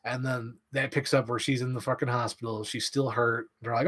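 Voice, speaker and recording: A man in an excited, rambling monologue, swearing freely and filling his talk with "like". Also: mid-range voice, fairly quick. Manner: enthusiastic, profane, filler-heavy. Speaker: channel host.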